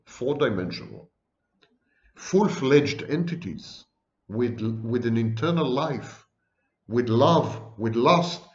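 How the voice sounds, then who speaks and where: A man giving an online video lecture on psychology, stringing ideas together in rolling lists and adding dry, ironic asides. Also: mid-range voice. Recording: roomy, dull lo-fi recording.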